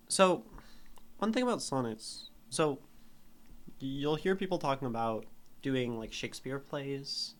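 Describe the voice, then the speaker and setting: A man's voice: mid-range voice, a bit bright. A man streaming live, reading a poem aloud and then picking apart its meter and syllables. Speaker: streamer critiquing poetry.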